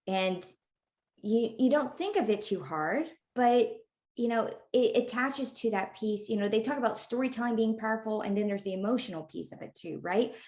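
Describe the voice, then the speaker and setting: A woman's voice: a little high, normal speed. A woman hosting a podcast interview, chatting casually and affirming her guest often. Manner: warmly affirming, frequent yeahs and rights. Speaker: podcast host.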